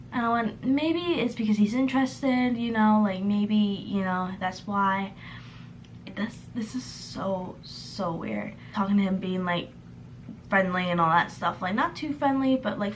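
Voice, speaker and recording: A young woman tells a storytime tale for her vlog, animatedly playing out each quoted line. Her voice sits in a middle pitch for a woman. A faint hiss of background noise stays under her talk throughout. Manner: animated retelling, acting out quoted texts. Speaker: vlogger.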